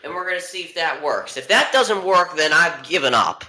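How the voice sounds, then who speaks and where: A man giving live fan play-by-play of a baseball game, frustrated and alternating between low muttering and excited pitch calls. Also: moderate pace, reverberant. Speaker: fan commentator.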